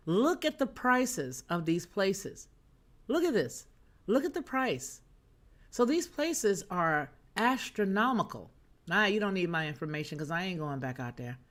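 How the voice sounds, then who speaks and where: A woman hosting a news and chat livestream, talking to her viewers in a sassy, emphatic way as she reads their comments. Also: lowish voice. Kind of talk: casual chat, reading chat comments.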